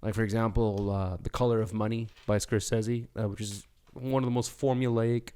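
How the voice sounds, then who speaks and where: A man with a fairly low speaking voice, talking as a guest on a casual podcast. He rambles, circles back and restarts his sentences while working through his thoughts. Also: fairly even intonation, moderate pace, warm tone, clear, resonant tone. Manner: rambling, lots of restarts and fillers. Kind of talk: casual chat.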